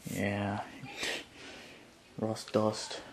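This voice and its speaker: A man casually explaining his rust-removal project, rambling and halting with lots of fillers and the odd curse, recorded in a garage. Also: fairly low pitch, completely flat delivery, a little hiss or hum. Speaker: DIY vlogger. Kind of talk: casual how-to commentary. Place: garage with a car, indoors.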